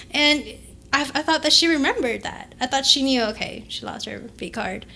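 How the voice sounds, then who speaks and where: A woman's voice: high voice, fairly quick, creaky, bright, forceful tone. A young adult woman co-hosting a casual podcast, telling a story animatedly with frequent laughs and swearing. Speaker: podcast co-host. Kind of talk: casual chat.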